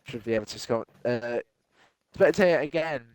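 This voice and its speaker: A man's voice: mid-range voice, expressive, normal speed, smooth, no room sound. A man co-commentating a sim race live, hesitant with frequent fillers.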